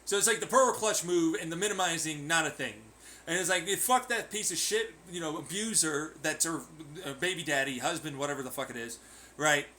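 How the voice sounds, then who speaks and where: A man with a high, bright voice rants in a vlog, swearing freely and slipping into sarcastic mock impressions. There is a faint hum of room ambience behind him. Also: a little fast. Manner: profane, sarcastic, mocking imitations. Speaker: vlogger. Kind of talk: ranting vlog commentary.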